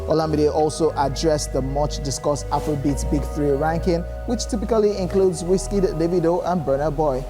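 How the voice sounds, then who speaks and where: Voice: mid-range voice, moderate pace, hardly any pauses, over music. A co-host with a Nigerian English accent reading entertainment news and chatting with dry interjections.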